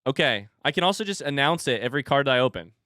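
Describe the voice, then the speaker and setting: A man streaming from home, chatting casually and telling an animated story between laughs. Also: medium pitch, quick pace, no echo, studio quality. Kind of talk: casual chat. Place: home room with a standing desk.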